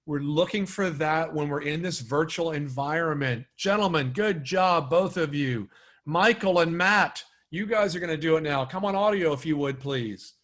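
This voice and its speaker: A man's voice: fairly high pitch, normal speed, fairly bright tone. A man leading a live online sales training, coaching and urging participants on over a video call.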